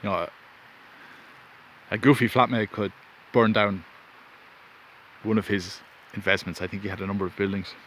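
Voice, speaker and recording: A man's voice: on the low side, level tone, moderate pace, long pauses, a bit bright. A man casually telling a rambling personal story outdoors, recorded on a phone in the wind. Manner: rambling anecdotal, self-interrupting. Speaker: vlogger. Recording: faint wind and ambience.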